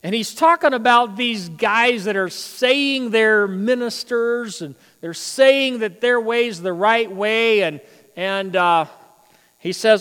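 A man with a high voice preaches a sermon from the pulpit, pushing hard on his emphatic points and then dropping to low, wry asides. The sound carries the long reverb of a large hall. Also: slow pace, clear, resonant tone. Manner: animated preaching, swings between loud emphasis and quiet asides. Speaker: pastor.

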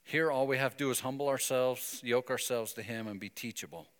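A man's voice: medium pitch, fairly quick, clear, resonant tone. Preaching man with a hall echo. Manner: storytelling, animated bursts of emphasis. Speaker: pastor. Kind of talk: sermon.

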